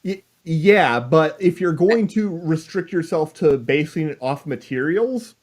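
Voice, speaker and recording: A man's voice: on the high side, expressive, measured pace. A man co-hosting a casual chat, explaining points patiently with hesitant restarts.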